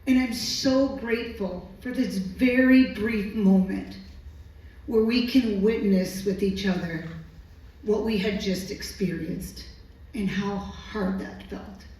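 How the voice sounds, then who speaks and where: A woman who works as a medical interpreter tells a personal story on stage, slow, earnest and emotional. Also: mid-range voice, a little mellow. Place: stage at a live storytelling evening. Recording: echoey hall, distant mic.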